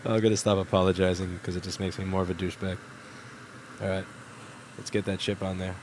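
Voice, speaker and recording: A man's voice: low-pitched, little pitch movement, fast, noisy background. A man casually chatting on a live stream while working at a repair bench, rambling and self-deprecating, swearing now and then. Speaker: livestreaming repair technician.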